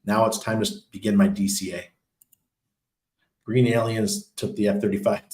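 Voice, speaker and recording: A man's voice: lowish voice, little pitch movement, moderate pace, darkish tone. A man hosting a casual crypto livestream, reading viewer comments and answering in a loose, chatty way with lots of ums and laughs. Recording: echoey room.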